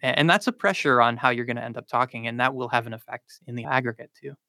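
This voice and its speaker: A man's voice: medium pitch, fast talker, sharp tone, no room sound. A man, a linguistics professor, explaining his research on a radio interview with frequent ums and likes.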